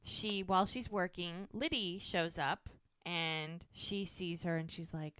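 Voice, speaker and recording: Smooth-voiced woman retelling scenes. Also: fairly low pitch, steady tone, a little slow, fairly bright tone, dry recording. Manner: retells scenes acting out characters' lines. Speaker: podcast co-host. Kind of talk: casual recap chat.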